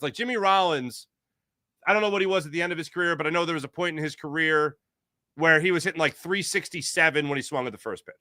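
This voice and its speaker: Captured in a dry, studio-quality recording, a high-pitched man hosts a casual sports podcast stream. He reads chat messages with jokey, animated energy, rambling and restarting as he goes.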